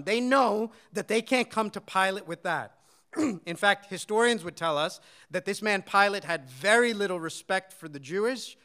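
Bright, clear-voiced male preacher. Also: high-pitched. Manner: earnest storytelling with rhetorical questions. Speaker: pastor. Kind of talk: expository sermon.

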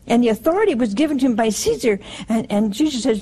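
A woman's voice: a little high, very animated, fast, mellow, breathy edge, low-quality recording. A woman giving a conversational sermon in a homely way, often asking her listeners rhetorical questions. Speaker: preacher.

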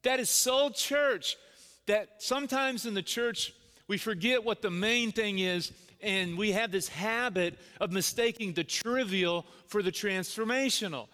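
A man's voice: high-pitched, unhurried, sharp tone. A middle-aged man preaching a sermon, telling a personal story in an earnest, conversational way. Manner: storytelling, earnest, acts out quoted voices. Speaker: pastor. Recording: long hall reverb.

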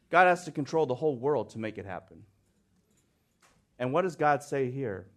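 High-voiced man preaching with emphatic repetition. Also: sing-song, moderate pace. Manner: emphatic, repeats key phrases for stress. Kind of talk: sermon.

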